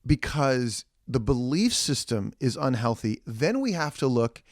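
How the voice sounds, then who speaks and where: A man of middle pitch co-hosting a church podcast, talking in earnest, ranting bursts full of restarts. He is close on the mic in a dead, dry room. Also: big pitch swings, a little slow, no room sound. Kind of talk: casual chat.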